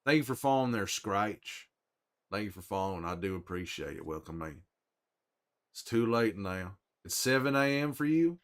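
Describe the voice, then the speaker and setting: A man's voice: on the low side, lightly acted. A man playing a weary middle-aged male survivor in character on a livestream, with a put-on drawl and a folksy, chatty way of talking to viewers. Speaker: streamer in character.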